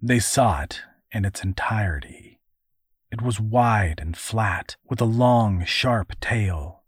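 Slow, husky male storyteller. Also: fairly low pitch, no room sound, clean studio sound. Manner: measured, even storytelling. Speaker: narrator. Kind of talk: scripted audiobook narration.

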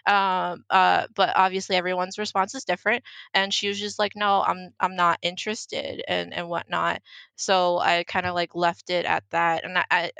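Young woman telling a story casually, kinda gravelly, says like a lot, dry room. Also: on the low side, flat delivery, moderate pace, a bit bright, dry recording. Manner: storytelling, heavy use of "like". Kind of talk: casual chat.

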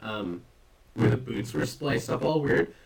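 Gravelly, profane man rambling about films. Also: medium pitch, lively intonation, a little slow, distant mic, a loud crowd, poor audio. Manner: rambling, profane, self-deprecating. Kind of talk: casual chat.

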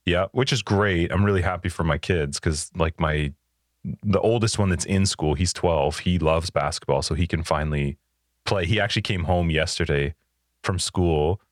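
A man's voice: deep voice, normal speed, no echo. A man in his thirties co-hosting a podcast, talking in an upbeat, rambling way into a studio headset. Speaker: podcast co-host. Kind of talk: casual chat.

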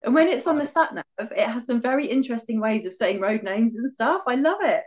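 Woman, podcast guest, casual chat, giggly, fairly high-pitched. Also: expressive, a little fast. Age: middle-aged. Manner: giggly, laughs often while talking.

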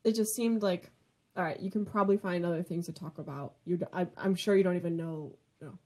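A woman's voice: on the low side, fast talker, a little mellow. A woman chatting casually, retelling an exchange with lots of filler words and quoted asides. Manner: storytelling with many "like" fillers, quoting herself. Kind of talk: casual podcast chat.

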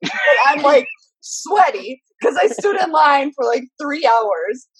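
A woman's voice: sits high, sing-song, takes it slowly, no echo, poor audio. A woman telling stories in a casual podcast chat, often laughing as she talks. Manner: giggly, laughing storytelling. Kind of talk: casual chat among friends.

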